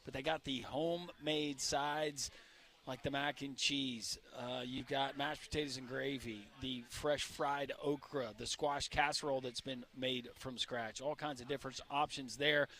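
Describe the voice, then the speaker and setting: A man's voice: medium pitch, steady tone, unhurried, sharp tone. A man hosting a live sports radio show, reading an ad in an upbeat, salesy way, broadcasting from a restaurant. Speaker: radio host. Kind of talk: live radio ad read and banter.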